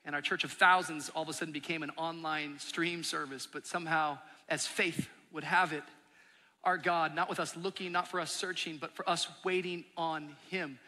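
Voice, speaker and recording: Male pastor, thirties, bright forceful voice, earnest sermon storytelling, long reverb of a big auditorium. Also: fairly high pitch, steady tone, normal speed. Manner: earnest storytelling, building to emphatic peaks. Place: large church auditorium.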